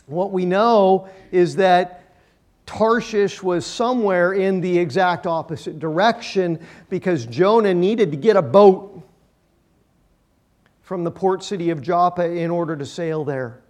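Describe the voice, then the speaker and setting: A man preaching a sermon, emphatic, with his voice swelling loud and then dropping quiet. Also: high voice, unhurried. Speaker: pastor.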